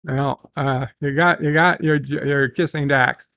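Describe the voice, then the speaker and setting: A man with a gravelly voice hosts a casual livestream, telling rambling stories and reading out viewer messages with plenty of ums. His pitch is mid-range, and the sound is dry and close to the mic. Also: steady tone, a little slow, sharp tone, no echo. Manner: rambling, reads chat messages aloud with filler ums. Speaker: livestream host.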